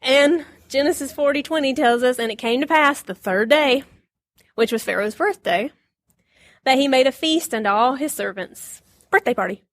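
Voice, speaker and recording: A woman giving a casual Bible lesson, chatty and quick to laugh, acting out the lines she quotes. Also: high-pitched, no room sound. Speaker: Bible teacher.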